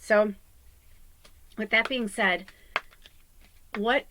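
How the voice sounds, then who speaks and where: A woman's voice: medium pitch, normal speed, slight background noise, low-quality recording. A woman who works as a psychic medium, talking to her viewers from home in a rambling, candid way, swearing and laughing often. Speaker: psychic medium and card reader. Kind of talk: casual rambling talk to viewers.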